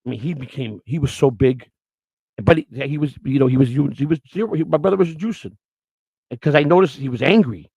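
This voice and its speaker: This middle-aged podcast host from Chicago speaks quickly in a medium-pitched, slightly mellow voice that's gravelly and fry-heavy. He shares his life story in a blunt, emotional way loaded with profanity, and the recording is dry and close, with no room echo.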